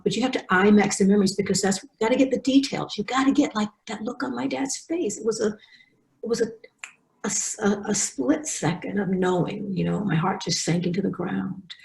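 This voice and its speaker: Woman teaching a webinar, talks fast, lots of restarts, bit gravelly, roomy echo. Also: mid-range voice. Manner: fast, animated, with many restarts. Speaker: faculty webinar speaker.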